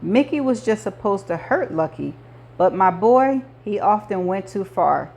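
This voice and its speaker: A woman's voice: mid-range voice, animated, a little slow, gravelly, a little mellow. A woman reading an audiobook, voicing an older male mob boss who talks like a movie gangster, menacing and jovial. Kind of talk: audiobook character voice.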